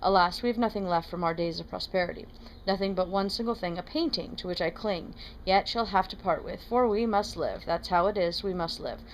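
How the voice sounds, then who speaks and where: A woman reading aloud, voicing a scheming, fawning middle-aged man who wheedles and flatters. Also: fairly low pitch, a little fast, a little hiss or hum, natural voice, rough recording. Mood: wheedling. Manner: ingratiating, wheedling.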